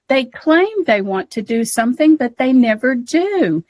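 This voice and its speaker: A woman's voice: on the high side, lively intonation, unhurried, few pauses, darkish tone, no echo. An American woman co-hosting a political talk podcast, speaking emotionally and near tears. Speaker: podcast co-host. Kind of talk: casual political chat.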